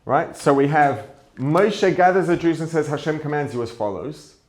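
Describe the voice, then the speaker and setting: A rabbi with a fairly high, darkish voice teaches Torah at a moderate pace. Explaining the text to an audience, he thinks aloud, repeats and rephrases his points, and asks rhetorical questions.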